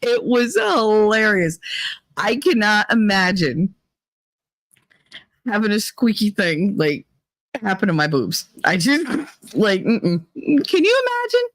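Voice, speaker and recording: A woman hosts a loose, chatty show, reading out viewer comments and breaking into laughter again and again. Her voice sits at an ordinary middle pitch. It is recorded close and dry, with no room sound around it. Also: slow pace, pauses often, no room sound. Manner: giggly, laughs often, animated storytelling. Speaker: host. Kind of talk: casual live chat reading viewer comments.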